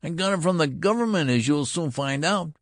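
Guy doing a squeaky cracking little-boy general voice, bossy and mad, storybook reading. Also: expressive, fairly quick, no echo, clean studio sound, natural voice. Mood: shrill, ferocious. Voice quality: shrill changing treble. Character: boy general, small, fierce and indignant. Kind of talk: audiobook character voice.

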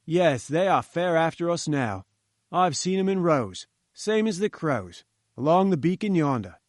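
Man doing a gruff rustic gatekeeper. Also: a little high, big pitch swings, measured pace, no echo, studio quality. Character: huge gruff male gatekeeper.

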